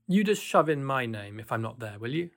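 A man voicing a chatty, hurried middle-aged man in an audiobook, talking fast and eagerly in a raised voice. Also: mid-range voice, very animated, a bit bright. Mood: hurried, pleading. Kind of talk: audiobook character voice.

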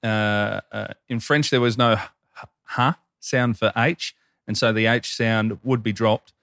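A man's voice: fairly low pitch, fairly even intonation, measured pace, creaky, fairly bright tone, no echo, clean studio sound. An Australian man co-hosting a podcast, chatting and reading listener messages aloud in an upbeat way. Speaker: podcast co-host.

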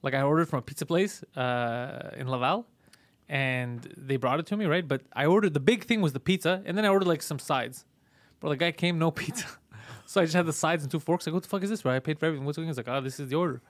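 A man hosting a podcast talks fast in a slightly high voice, profane and animated, acting out every exchange as he tells the story. The sound is close and dry, with no room around him. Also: no room sound. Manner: profane, animated storytelling full of acted quotes. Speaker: podcast host. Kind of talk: casual podcast chat.

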